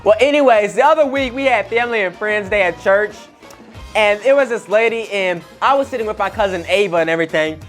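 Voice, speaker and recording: A young man hosts his own talk show, spilling gossip in a chatty, rambling way packed with fillers. His voice sits at a middling pitch. Soft music plays faintly underneath. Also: lively intonation, a little fast. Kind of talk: casual gossip storytelling.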